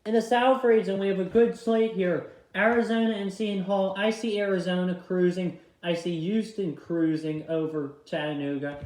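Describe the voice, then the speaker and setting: A young man casually talking through his tournament bracket picks, chatty and quick, often apologizing for misclicks on his tablet. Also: sits high, fairly even intonation, darkish tone. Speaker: vlogger filling out a tournament bracket. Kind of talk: casual bracket-pick commentary. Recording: echoey room sound.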